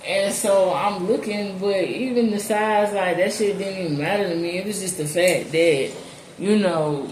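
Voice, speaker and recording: A woman hosting her channel tells a story casually, bluntly and profanely, leaning heavily on "like." Her voice is medium-pitched, a little mellow, and moderately paced. The room is echoey, with faint background noise.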